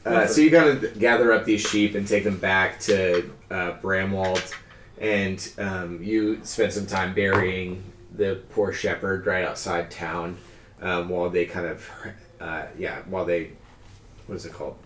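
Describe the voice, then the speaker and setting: A man's voice: low-pitched, fairly even intonation, measured pace, recorded from a distance. A man narrating a tabletop game as game master, in a loose, hesitant way full of fillers. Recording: echoey room, off-mic, faint hiss.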